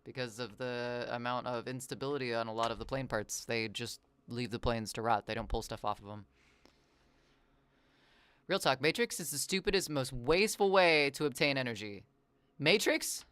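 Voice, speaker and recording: Live-stream gamer, smooth dry voice, playful rambling, quick reactions to chat. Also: medium pitch, a bit bright, no echo. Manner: rambling, playful, drifts into musing asides. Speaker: variety streamer. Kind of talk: casual live-stream chatter while gaming.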